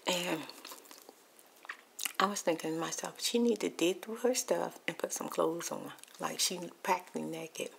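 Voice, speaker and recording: A woman's voice: fairly low pitch, moderate pace, gravelly, slight background noise. A woman telling a rambling neighbor story in a whispered ASMR storytime while eating popcorn, close to the mic. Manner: rambling, gossipy, shifting between whisper and soft speech.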